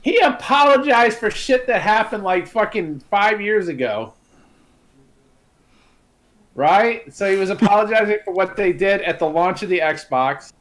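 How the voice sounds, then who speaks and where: A man's voice: sits high, expressive, unhurried, a bit bright. A man in casual podcast chat, talking bluntly with heavy swearing and ranting.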